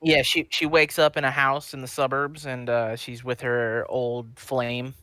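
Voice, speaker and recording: A man's voice: mid-range voice, level tone, a little slow, sharp tone, no room sound. A man co-hosting a casual comedy podcast, riffing on a movie with plenty of swearing and laughter. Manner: profane, riffing, laughs along. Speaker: podcast co-host.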